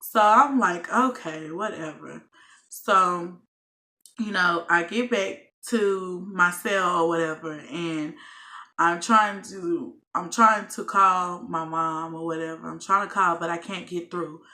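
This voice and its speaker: A woman's voice: lowish voice, slow. A young woman, casually telling a personal story in a vlog and acting out what people said. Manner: animated storytelling, acts out her own and others' lines. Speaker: vlogger.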